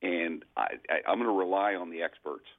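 A man's voice: low voice, brisk. A man who works as an auctioneer, chatting casually on a radio show in a chatty, storytelling way with easy laughs. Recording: tinny phone line.

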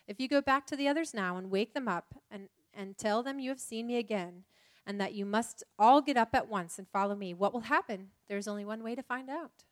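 A woman voicing a wise, gentle male lion king while reading a storybook aloud, calm and solemn. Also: fairly high pitch, a little fast, no echo, clean studio sound, lightly acted.

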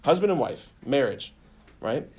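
Animated man teaching a class. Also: mid-range voice, measured pace, breathy edge. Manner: animated, laughing, asks students questions. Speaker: religion teacher. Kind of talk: classroom teaching with call-and-response.

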